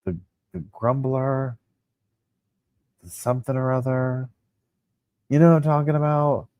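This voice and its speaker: A man's voice: medium pitch, measured pace, clean tone, no echo, clean studio sound. A man hosting a casual livestream, chatting with his viewers. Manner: chatty, animated, talks to viewers as y'all. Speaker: livestream host. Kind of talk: casual live chat with viewers.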